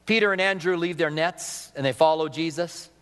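A man's voice: fairly high pitch, moderate pace, a bit bright, clean tone, long reverb tail. A man preaching a sermon in a conversational way, putting questions to his congregation. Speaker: pastor.

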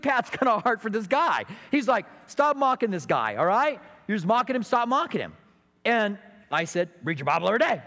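A man's voice: high-pitched, a bit bright. A man preaching a sermon as a pastor, telling stories and acting out the people in them with emphatic bursts. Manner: storytelling with mimicked voices and emphatic bursts. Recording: reverberant hall sound.

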